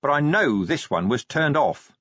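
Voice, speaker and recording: A man's voice: fairly high pitch, big pitch swings, normal speed, fairly bright tone, breathy edge, dry recording, highs cut off, pitched above the performer's own voice, exaggerated voice. A man playing a weary, blunt middle-aged city watch commander who grumbles his lines. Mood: gruff.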